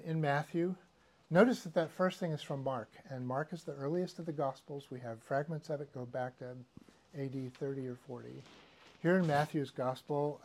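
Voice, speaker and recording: Male teacher, mid-pitched voice, easygoing lecture delivery with asides. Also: darkish tone. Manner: conversational, with fillers and asides. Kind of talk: church doctrine lecture.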